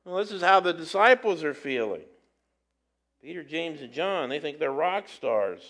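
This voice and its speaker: Casting: high-pitched male preacher, easygoing and folksy, teaching with chuckles. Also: very animated, moderate pace, fairly bright tone. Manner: folksy and conversational, with chuckles and playful asides. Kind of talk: casual sermon.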